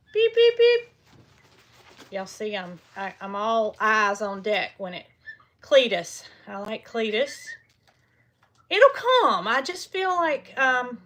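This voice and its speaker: A farm vlogger with a slightly high, somewhat bright voice chats in a folksy way on a live stream from a small heated milk room. She often pauses to coo at the baby animals.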